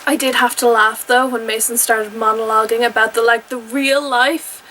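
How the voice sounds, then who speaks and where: A young adult woman giving an animated, chatty spoken review of a TV episode, often breaking into exclamations. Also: fairly high pitch, moderate pace, slight background noise, poor audio.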